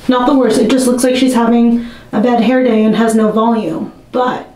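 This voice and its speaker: A young woman talks to her camera in a nervous, self-mocking ramble, her voice sitting a little high. She's a step back from the mic in an echoey room at home. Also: fairly even intonation, moderate pace, a little mellow. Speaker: vlogger. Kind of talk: casual talking to camera while cutting a wig. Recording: roomy and a bit distant from the mic.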